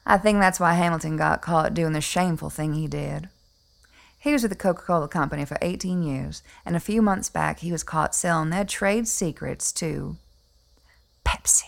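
A woman's voice: low-pitched, normal speed, vocal fry. A woman playing a snobbish, wealthy middle-aged Southern belle mother with an Atlanta accent, speaking in a prim, genteel and condescending way in a comic monologue. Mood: haughty.

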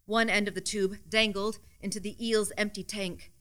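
A woman's voice: mid-range voice, flat delivery, normal speed, fairly bright tone, clear, resonant tone. Wry woman narrating a first-person story. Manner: wry, dry, matter-of-fact.

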